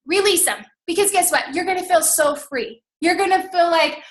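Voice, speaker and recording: Woman coach, upbeat pep talk over a video call, high bright voice, echoey room. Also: moderate pace, hardly any pauses. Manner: enthusiastic, fillers of "like", addresses listeners as "you guys". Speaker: team coach on a training call. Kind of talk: motivational talk.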